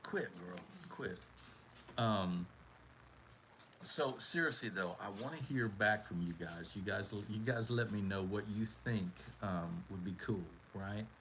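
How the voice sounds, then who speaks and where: A man chats slowly and loosely on a home livestream, tagging "man" onto his phrases and breaking into laughter. There's a faint hum of room noise behind him. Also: fairly low pitch, sharp tone, rough recording. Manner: laughs often, drawls "man" at line ends. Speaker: livestream host. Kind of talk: casual livestream chat.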